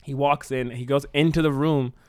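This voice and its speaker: A man co-hosting a podcast, pitching a film plot in a rambling, animated way with lots of fillers. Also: normal speed, clear, resonant tone, no echo, clean studio sound. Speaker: podcast co-host. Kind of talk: casual brainstorming chat.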